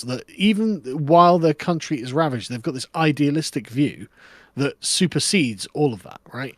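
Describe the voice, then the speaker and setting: A man's voice: on the high side, no echo. A man with an English accent, a guest on a livestream, talking in a blunt, casual way with stammering restarts and frequent chuckles. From England.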